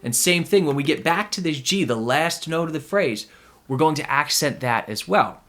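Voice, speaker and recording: A man's voice: fairly high pitch, animated, normal speed, music in the background. A man teaching a ukulele lesson, explaining notes and accents, counting in the beat and singing the sounds of the notes. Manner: counts in and sings note sounds between explanations. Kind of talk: music lesson with counted-in play-along. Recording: ukulele playing in the background.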